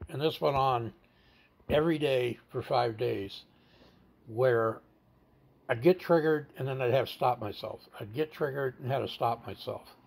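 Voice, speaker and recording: A man's voice: mid-range voice, unhurried, creaky. A man candidly telling a personal story in an interview, blunt and plain-spoken, stumbling over and repeating words as he goes. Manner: stammers and repeats words while recounting.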